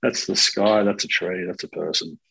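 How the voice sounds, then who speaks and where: Husky man, playful and animated. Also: sits low, normal speed, low-quality recording. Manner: playful, animated, bursts into silly sounds and laughter. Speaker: podcast co-host, counsellor. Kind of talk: casual conversation on mindfulness.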